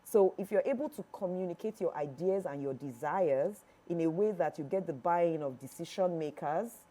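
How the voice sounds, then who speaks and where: A woman with a Nigerian accent, a public speaking trainer, answering interview questions in a lively way and often acting out quoted voices. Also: lowish voice, normal speed. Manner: animated, acts out quoted voices.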